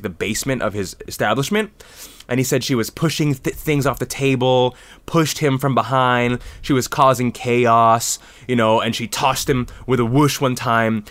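A man's voice: medium pitch, a bit bright, no echo. Sarcastic man ranting, dry sound. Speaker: podcast host. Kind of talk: casual comedic chat.

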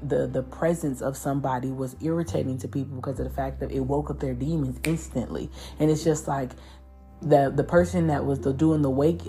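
A woman with a low, mellow voice gives a loose, profane tarot reading. She talks in an animated way and keeps slipping into the voices of spirits. Soft music plays faintly behind her. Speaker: tarot reader.

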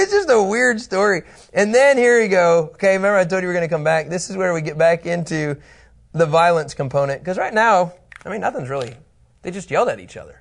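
A man's voice: high voice, expressive, fairly quick, fairly bright tone. A man teaching a Bible lesson in a casual, joking way, laughing often.

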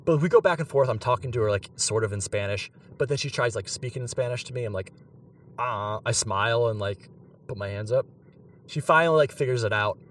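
A young man from Pittsburgh telling an animated story on a podcast, laughing and using many fillers. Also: mid-range voice, brisk, a little hiss or hum. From Pittsburgh, USA. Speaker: podcast co-host. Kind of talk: casual storytelling. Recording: a bit far from the mic.

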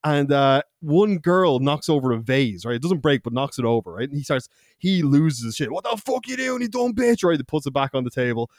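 A man's voice: medium pitch, a little fast, hardly any pauses, no room sound, studio quality. A young Irish man, a podcast co-host, telling a loose, profane anecdote in casual chat, laughing and acting out quotes. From Ireland.

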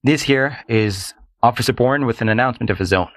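A man's voice: medium pitch, fairly quick, dry recording, lightly acted. A man voicing a stern middle-aged male math teacher making formal, grave announcements.

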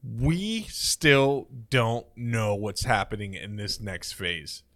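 A man with a lowish, fairly bright voice speaks slowly as a co-host on a casual pop-culture podcast. He offers opinions and speculation, with occasional hiccups interrupting him.

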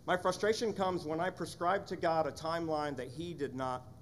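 A man's voice: fairly high pitch, fairly even intonation, normal speed, slight background noise. A man serving as pastor, delivering a sermon in an earnest, conversational way with frequent rhetorical questions.

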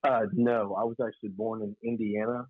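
A man answering as a guest in a casual chat, hesitant with many pauses and ums. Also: lowish voice, little pitch movement, dry recording. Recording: tinny phone-like dry line.

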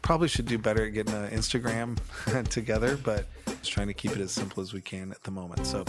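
Lowish guy rambling through a podcast story, lots of restarts, faint music in the back. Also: fairly even intonation, fast. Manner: rambling, self-correcting, fond storyteller. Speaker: podcast co-host. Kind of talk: casual podcast chat.

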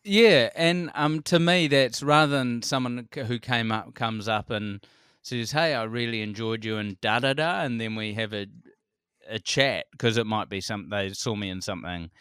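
A New Zealand man in his forties chats on a podcast in a smooth, resonant voice. He tells stories with lively energy and acts out what other people said. The sound is dry and close. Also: mid-range voice, normal speed, no room sound. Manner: animated storyteller, acts out quotes, laughs often. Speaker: comedian guest. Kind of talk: casual podcast chat.

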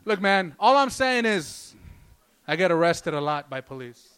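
Male stand-up comic, fairly high and smooth voice, profane, rambling, loose. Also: very animated, unhurried, a bit bright. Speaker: stand-up comedian. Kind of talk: stand-up comedy set.

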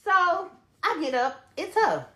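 A young woman co-hosting a podcast, telling a story in casual chat with lively, profane retellings and acted-out quotes. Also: extremely high pitch, slow pace. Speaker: podcast co-host. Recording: echoey room.

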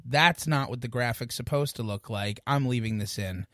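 A man's voice: mid-range voice, normal speed, hardly any pauses, a bit bright, no room sound, clean studio sound. A man co-hosting a music podcast in a casual, joking, rambling way, poking fun at himself. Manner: joking, rambling, self-deprecating. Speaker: podcast co-host.

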